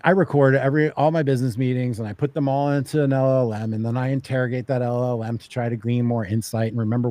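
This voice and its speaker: A man talking as a podcast guest in a casual, animated way, thinking out loud with many fillers and restarts. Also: medium pitch, no echo. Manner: acts out quoted voices for emphasis. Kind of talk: casual conversational chat.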